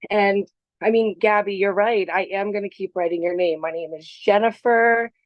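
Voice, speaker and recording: A woman's voice: mid-range voice, fairly even intonation, normal speed, no room sound, lo-fi sound. A woman contestant casting her votes in a reality game, pointed and defensive with a sarcastic edge.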